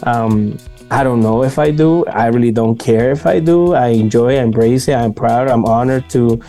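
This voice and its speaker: A man's voice: mid-range voice, moderate pace, mellow, faint music behind. A man from Bolivia, a native Spanish speaker with a Bolivian Spanish accent, chatting casually and animatedly on a podcast, full of slang and acted-out quotes. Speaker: podcast co-host and event host. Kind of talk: casual chat.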